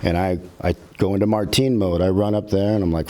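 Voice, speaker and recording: Middle-aged man, lowish voice; animated, profane raconteur who acts out quotes. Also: quick pace, few pauses. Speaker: podcast guest, filmmaker. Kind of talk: casual storytelling.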